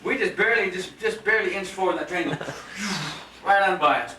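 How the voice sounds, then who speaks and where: At a birthday roast, a man with a high, pushed, bright voice talks fast through a long, laughing story packed with fillers and restarts. It was caught on a home video camera in a party room full of guests, so the sound is echoey, distant, and mixed with crowd noise.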